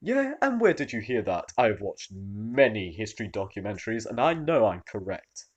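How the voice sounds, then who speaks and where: A man's voice: on the low side, very animated, normal speed, dull audio. A man playing a pompous teenage boy who puts on a fake posh accent and insists he is right. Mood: smug. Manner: smug, insistent.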